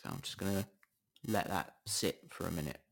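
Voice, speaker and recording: A man's voice: low voice, moderate pace, vocal fry. A middle-aged man hosting a podcast, chatting casually in a sarcastic, incredulous tone and swearing often. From Britain. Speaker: podcast host. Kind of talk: casual solo podcast chat.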